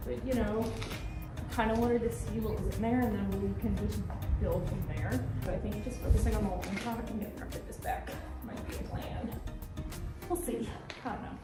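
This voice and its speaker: A woman's voice: mid-range voice, steady tone, brisk. A tired woman chatting casually to the camera outdoors by her horse after a ride. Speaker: horse vlogger. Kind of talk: casual on-location talk. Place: outdoor barn area. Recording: echoey, from a distance, music over. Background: music.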